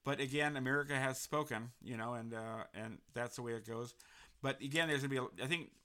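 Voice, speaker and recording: A man's voice: medium pitch, a little fast, pushed and bright. A man hosting an interview podcast in a casual, rambling way, full of restarts and fillers. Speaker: podcast host.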